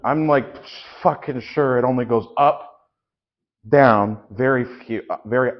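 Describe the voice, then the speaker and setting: A man improvising an exasperated church leader who rants and swears loudly at his congregation in a live comedy show. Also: medium pitch, a little slow, muffled recording, pitched below the performer's own voice, natural voice. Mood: ranting. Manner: ranting, loud, swearing at the congregation. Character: exasperated, foul-mouthed adult church leader.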